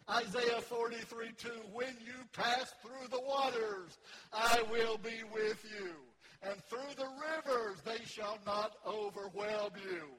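In a church, a male pastor preaches a sermon, swinging between loud, fervent preaching and soft sung lines while out of breath. His voice is very high-pitched, and the audio quality is poor.

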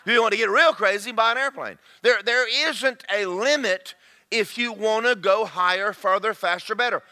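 A man preaching a sermon to a congregation, swinging between loud shouts and quiet, confiding asides. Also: high-pitched, moderate pace.

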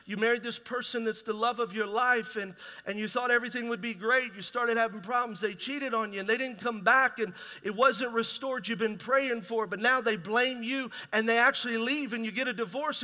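A middle-aged man preaching in a big hall, his bright, high voice carrying a long reverb. He talks raw and plainly, tossing rhetorical questions to the congregation. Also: moderate pace, hardly any pauses. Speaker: pastor. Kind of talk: sermon.

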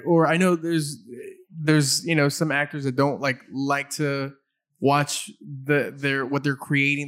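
A middle-aged man hosting a casual interview, talking in a halting way and often repeating his words. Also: a little high, a bit bright. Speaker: interview host.

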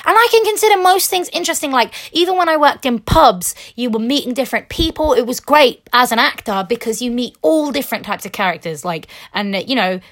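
A woman's voice: high-pitched, expressive, fairly quick, hardly any pauses, fairly bright tone. A woman hosting a podcast, ranting frankly in a casual, rambling way with plenty of swearing and fillers. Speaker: podcast host. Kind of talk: casual solo rant.

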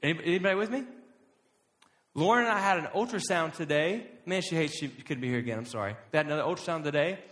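A young man preaching a casual sermon, talking conversationally and stretching key words slowly for emphasis. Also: on the high side, lively intonation, a bit bright. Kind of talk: casual sermon to a live audience. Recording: long hall reverb.

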